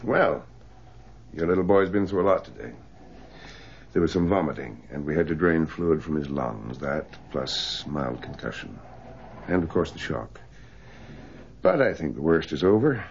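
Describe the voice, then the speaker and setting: An actor playing a doctor, speaking calmly and steadily to worried parents. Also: male voice, extremely low pitch, creaky, a little hiss or hum, heavily acted. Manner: calm, measured, reassuring. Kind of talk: film drama acting. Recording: dull muffled film audio.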